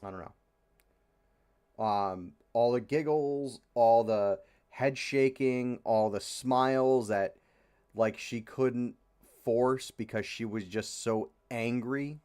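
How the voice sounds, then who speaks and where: A man's voice: medium pitch, slow pace, a little mellow, smooth. A young man hosting a casual podcast, rambling and frustrated, with many fillers and free swearing. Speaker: podcast host. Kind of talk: casual opinionated chat.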